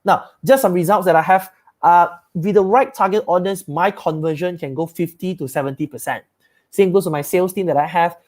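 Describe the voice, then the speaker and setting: A man's voice: high-pitched, fairly quick, darkish tone. Upbeat man coaching sales. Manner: upbeat, emphatic, repeats key phrases. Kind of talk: live-streamed sales training talk.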